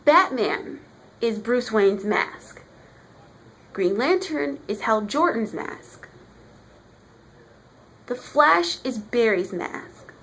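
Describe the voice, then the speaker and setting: A woman's voice: on the high side, sing-song, drawn-out words, long pauses, a bit bright. A woman giving a casual, chatty vlog review of a comic book, talking with emphasis.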